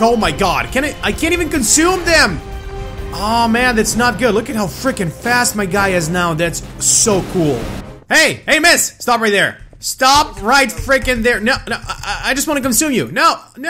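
A young man talks through his gameplay with loud, hyped exclamations and bursts of laughter. His pitch jumps about constantly. Background music plays clearly beneath his voice. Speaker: gaming YouTuber. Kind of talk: excited gameplay commentary.

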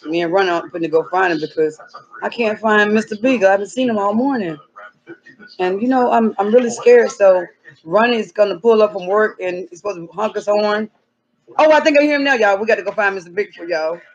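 A man vlogging outdoors in a loud, dramatic comic style, often yelping and shouting. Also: sits high, fairly quick, lo-fi sound. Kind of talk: comedic outdoor vlog.

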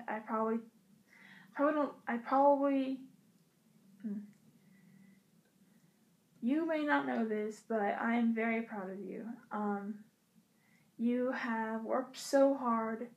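A young woman vlogging from a hotel room, speaking in a halting, earnest way with many pauses and restarts. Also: on the high side, dull audio. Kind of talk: casual heartfelt address to camera.

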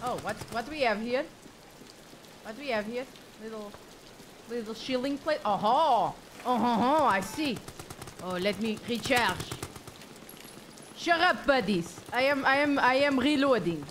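A woman live-streaming a horror game, with excitable, jokey commentary and plenty of swearing. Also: a little high, measured pace, pauses often, slight background noise.

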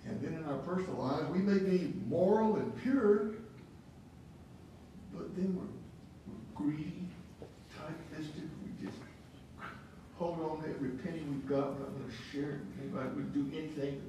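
Bible class teacher, male, slightly high-pitched, restarts a lot, distant mic in a reverberant room. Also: normal speed, pauses often. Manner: questioning, repeats words and restarts. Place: church classroom. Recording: echoey room from far off, faint hiss.

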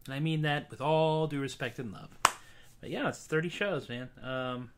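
A man's voice: on the high side, moderate pace, background noise. A man hosting his own casual livestream show, chatting wryly and self-deprecatingly on a webcam between songs. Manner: wry, self-deprecating, rambling. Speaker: singer-songwriter host. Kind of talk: casual solo livestream chat.

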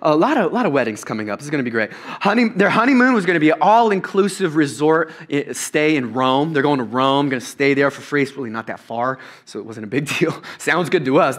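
A man preaching a sermon as pastor, telling the story with jokes and animated asides to the congregation. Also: fairly high pitch, fast. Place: church stage.

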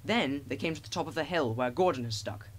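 A man narrating a children's railway storybook in a gentle, expressive reading. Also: a little high, a little fast. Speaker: audiobook narrator.

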